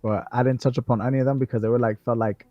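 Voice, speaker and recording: A man's voice: mid-range voice, fairly even intonation, very fast, muffled recording. A man co-hosting a livestream, talking casually in slang with swearing and frequent restarts. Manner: slangy, profane, many restarts and "bro". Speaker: co-host.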